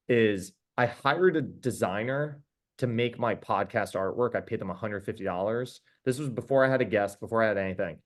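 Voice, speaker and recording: Enthusiastic male podcaster telling stories. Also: on the low side. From New York. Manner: animated, enthusiastic storyteller with quick restarts. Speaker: podcast host being interviewed. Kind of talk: casual storytelling.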